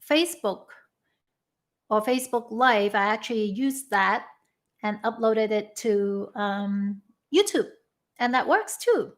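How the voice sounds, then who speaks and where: A woman violinist speaking casually from her living room between pieces of a live-stream concert, unhurried and full of ums and uhs. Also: fairly high pitch, fairly bright tone.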